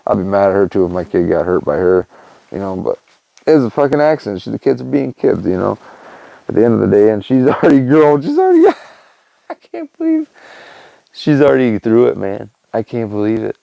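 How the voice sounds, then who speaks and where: A young man with a gravelly, creaky edge tells a long personal story as a podcast host. He rambles loosely and leans on fillers. The sound is dry and close, with no room around him. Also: fairly low pitch, big pitch swings, brisk, warm tone, dry recording, muffled recording. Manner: rambling, loose, lots of "man" and "you know". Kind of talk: casual storytelling monologue.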